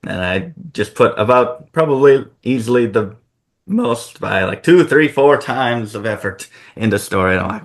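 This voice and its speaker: A man hosting a casual fantasy-booking chat, telling the story in an animated way with frequent laughs. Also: medium pitch, moderate pace. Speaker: host.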